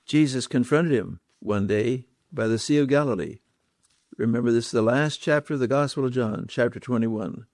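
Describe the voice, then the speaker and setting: A man's voice: medium pitch, darkish tone, no echo, studio quality. A man preaching a sermon, stressing points with repeated words and rhetorical questions.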